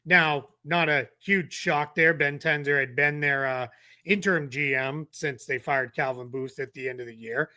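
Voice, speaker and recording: A man co-hosting a casual sports talk show, animated and acting out quotes as he talks. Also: a little high, normal speed. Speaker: co-host.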